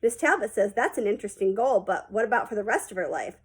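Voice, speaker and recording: A woman's voice: mid-range voice, expressive, fast, breathy edge, rough recording. A woman reading a children's novel aloud, narrating in a plain, folksy first-person way. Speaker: audiobook reader.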